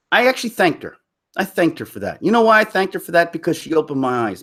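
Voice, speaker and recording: A man's voice: fairly high pitch, fairly bright tone. Candid rambling man chatting on stream. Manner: candid, rambling, personal storytelling with frequent restarts. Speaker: YouTube commentator. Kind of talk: live stream chat with viewers.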